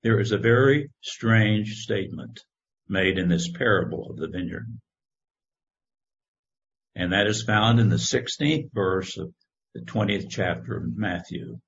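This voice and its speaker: Male preacher, lowish voice, measured scripture reading. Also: gravelly. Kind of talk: sermon. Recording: dull lo-fi recording.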